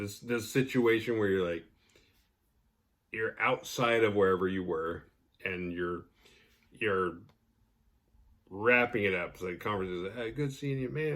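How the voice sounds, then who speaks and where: Man, lowish voice, rambling and profane, tired and a little tipsy, casual movie recap. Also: fairly bright tone. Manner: rambling, profane, acts out characters in quick voices. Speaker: podcast host.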